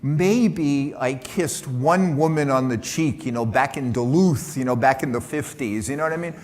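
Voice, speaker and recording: A man's voice: mid-range voice, moderate pace, darkish tone, long reverb tail, lightly acted. A man voicing a triumphant husband in a joke, boasting in a rambling way.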